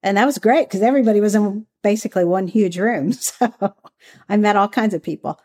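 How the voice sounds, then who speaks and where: A woman's voice: mid-range voice, fairly quick, dark tone. A woman from the American South, a former undercover agent, recounting her work in a candid, chatty interview. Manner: candid, chatty, laughs easily. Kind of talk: conversational interview storytelling.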